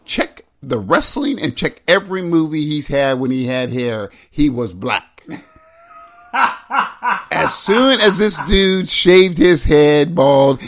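A man co-hosting a casual podcast, quick with jokes and goofy bits. His voice sits high and swoops all over the place. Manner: joking, animated, tries silly accent impressions. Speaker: co-host.

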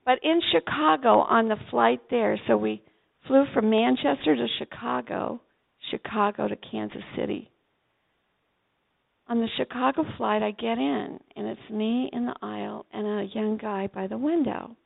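An older woman from Vermont, a pastor's wife, telling a story and acting out the dialogue with lively delivery. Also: a little high, a little slow, vocal fry, phone-quality sound. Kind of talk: storytelling testimony.

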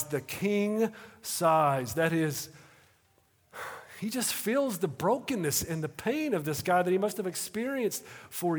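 Man, pastor, conversational sermon, hushed to animated, long hall reverb. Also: a little high. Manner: conversational preaching, swings between hushed and animated. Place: auditorium. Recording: reverberant auditorium.

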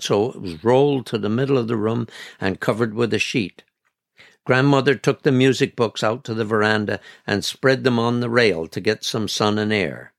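Gravelly man telling a story. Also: medium pitch. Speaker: storyteller, podcast reader. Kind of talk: scripted story narration. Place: community radio studio. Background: faint background music.

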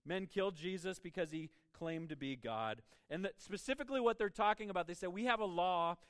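Male pastor, higher pitch, dry close sound; emphatic sermon with repeated starts. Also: expressive, fairly quick, clear, resonant tone, dry recording. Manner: emphatic, repeats words when starting a thought.

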